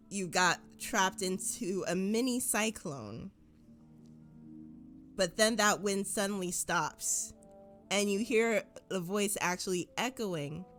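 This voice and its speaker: A woman's voice: mid-range voice, fairly bright tone. A woman narrating as game master of a tabletop role-play, describing scenes unhurriedly.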